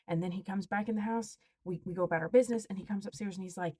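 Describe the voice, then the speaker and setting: Loud, exasperated woman ranting on camera. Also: lowish voice, fast, slightly rough. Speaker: vlogger. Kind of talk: animated storytime rant.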